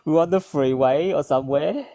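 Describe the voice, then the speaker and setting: A young woman with a strikingly low voice hosts a relaxed podcast chat. She is laid-back and curious, and she swears casually as she reminisces with a friend. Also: brisk. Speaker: podcast host.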